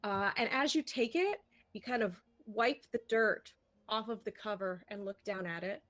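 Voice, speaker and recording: A woman narrating a tabletop game as game master, relaxed, with many fillers. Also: medium pitch, moderate pace.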